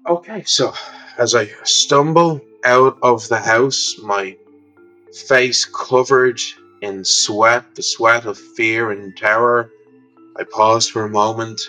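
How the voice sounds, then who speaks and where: A man's voice: on the low side, bright, forceful tone, poor audio. Irish male guest; casual, storytelling delivery for a tabletop podcast. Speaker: podcast guest and game creator. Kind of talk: casual chat and in-game narration.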